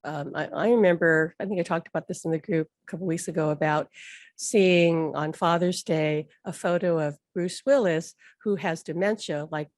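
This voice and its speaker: A woman's voice: fairly low pitch, normal speed, darkish tone, no room sound, studio quality. A woman hosting a casual spoken talk, rambling and chatty, laughing often and peppering her speech with "like". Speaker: host.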